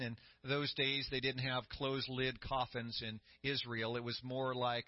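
A middle-aged man preaching a sermon as pastor, telling the story with growing excitement and a voice that climbs high. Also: no room sound. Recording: dry, slightly dull sound.

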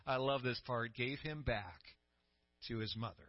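A middle-aged man preaching a sermon as pastor, telling the story with growing excitement and a voice that climbs high. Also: unhurried, no echo. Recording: dry, slightly dull sound.

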